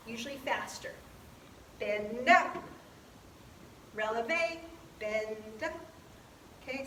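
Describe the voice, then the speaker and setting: A woman teaching ballet terms, talking slowly, repeating each term while she demonstrates in a dance studio. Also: a little high, fairly bright tone, a little hiss or hum. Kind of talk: ballet lesson. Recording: echoey room from a distance.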